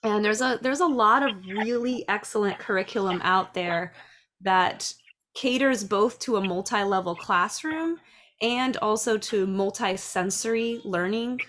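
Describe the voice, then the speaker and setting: A woman's voice: mid-range voice, unhurried, a little hiss or hum. Chatty middle-aged woman teacher. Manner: chatty, lively, acts out little voices. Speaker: dance and preschool teacher. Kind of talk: casual talk.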